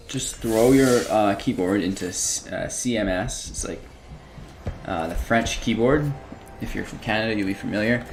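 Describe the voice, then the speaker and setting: A man giving relaxed, casual commentary while playing a card game, thinking out loud about his moves. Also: lowish voice, a little hiss or hum. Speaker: gameplay streamer. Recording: music clearly under the voice.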